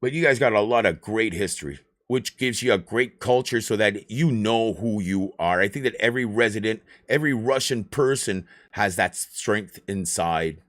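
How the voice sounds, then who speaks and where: A man, chatting on a live stream in an excitable, rambling way and swearing often. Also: fairly low pitch, moderate pace, few pauses. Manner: animated, excitable ranting with swearing.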